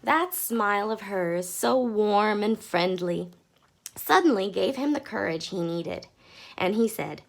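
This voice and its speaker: A woman reading a children's book aloud in a lively, expressive way. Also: mid-range voice, slow, vocal fry. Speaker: storyteller.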